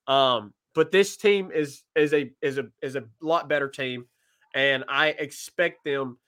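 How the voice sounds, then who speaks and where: A man's voice: medium pitch, measured pace, fairly bright tone. A man co-hosting a sports podcast, chatting casually and often laughing, with plenty of fillers.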